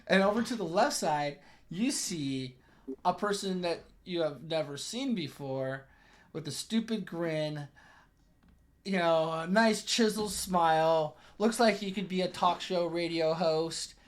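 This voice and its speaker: A man's voice: fairly high pitch, measured pace. A man narrating a tabletop game as game master, rambling with many fillers.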